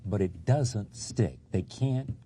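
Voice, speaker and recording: A man's voice: on the low side, animated, slow, heavy background noise. A man interviewing a guest, putting short questions and brief agreements to him.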